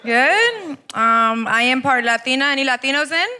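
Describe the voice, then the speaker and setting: American woman, young, stand-up comic, bright voice, brash and sweary. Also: sits high, expressive, moderate pace, slight background noise. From Los Angeles area, US. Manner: brash, swearing, crowd-teasing. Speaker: stand-up comedian. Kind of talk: stand-up comedy set. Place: comedy club stage with live audience.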